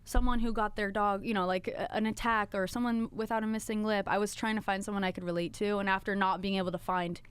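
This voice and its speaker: A woman's voice: mid-range voice, fairly even intonation, fast talker, few pauses, clear, resonant tone, no room sound. A woman in her twenties telling her story as a podcast guest, chatty, with many "like" fillers. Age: 20s. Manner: chatty, full of "like" fillers, acts out quoted voices. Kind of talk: casual storytelling in a podcast interview.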